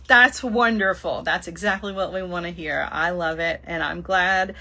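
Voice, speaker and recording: A woman's voice: lowish voice, unhurried, pushed and bright. A middle-aged woman with a Southern accent hosting a live shopping stream, chatting casually, laughing often and reading out viewer comments. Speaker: livestream host. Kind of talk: casual livestream chat.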